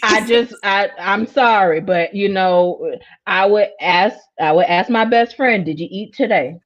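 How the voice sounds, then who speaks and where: A woman's voice: mid-range voice, takes it slowly, dull audio. A woman co-hosting a casual podcast, speaking affectionately and tripping over her words. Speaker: podcast co-host.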